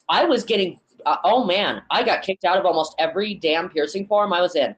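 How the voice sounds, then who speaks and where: A woman's voice: mid-range voice, big pitch swings, normal speed, husky, rough recording. A woman who works as a piercer, chatting candidly on a podcast, fired up and swearing casually.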